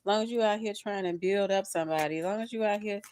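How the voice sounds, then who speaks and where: An older woman reading tarot on a livestream, expressive and preachy, often laughing and calling her listeners honey and baby. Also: mid-range voice, fast talker, background noise. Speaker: tarot reader.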